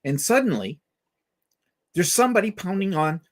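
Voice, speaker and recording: A man's voice: high-pitched, normal speed. A middle-aged man from Canada, a livestream host telling stories in casual chat and acting out the voices of the people he quotes. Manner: animated storyteller, acts out quoted voices.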